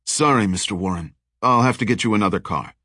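A man voicing a harried male chauffeur who reports trouble in a hurried, apologetic way. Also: on the low side, sharp tone, dry recording, clean studio sound.

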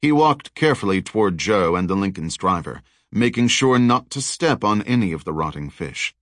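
Wry low-voiced male audiobook narrator. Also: big pitch swings, normal speed, a bit bright, no room sound, studio quality. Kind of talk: scripted narration.

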